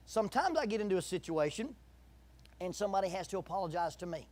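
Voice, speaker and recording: High-voiced emphatic male preacher. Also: lively intonation, fast, darkish tone. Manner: emphatic, repeats key phrases, leads congregation in call-and-response. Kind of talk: sermon. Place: church.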